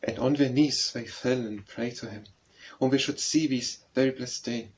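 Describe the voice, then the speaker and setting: A man reading a narrative poem aloud as an audiobook narrator, in a measured, solemn recitation. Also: medium pitch, low-quality recording.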